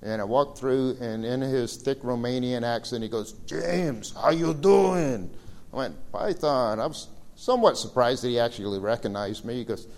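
A man's voice: mid-range voice, normal speed, few pauses. A man giving a slideshow seminar talk, telling stories in a casual, rambling way with fillers. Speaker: seminar presenter. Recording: reverberant hall recording.

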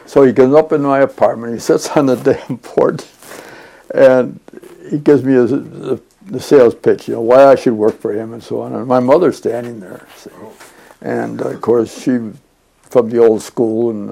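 Gravelly older man telling old stories. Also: medium pitch, steady tone, normal speed, warm tone. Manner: rambling, chatty with frequent fillers and laughs. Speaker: interviewee. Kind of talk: oral history storytelling.

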